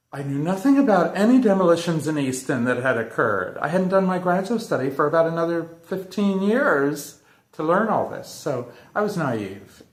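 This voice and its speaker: An older man's voice, his accent a blend of Australian, London and Welsh. He spins an unscripted tale and gives each quoted speaker a voice of its own, heard in an echoey room. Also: medium pitch. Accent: mix of Australian, London and Welsh. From Pennsylvania. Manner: lively storyteller acting out quoted dialogue. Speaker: retired architect. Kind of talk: casual spoken reminiscence.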